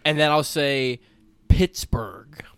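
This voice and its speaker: A man's voice: a little high, fairly bright tone, clear, resonant tone, no echo. A man co-hosting a podcast, chatting casually with blunt opinions and a playful manner. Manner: blunt, playful, quick to laugh. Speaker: podcast co-host. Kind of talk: casual chat.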